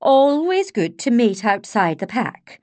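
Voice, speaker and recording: In a dry storybook reading, a woman narrator puts on a blunt, no-nonsense dog breeder. Her voice jumps high and loud, bossy and matter-of-fact. She is brisk and plain-spoken. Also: big pitch swings, no echo.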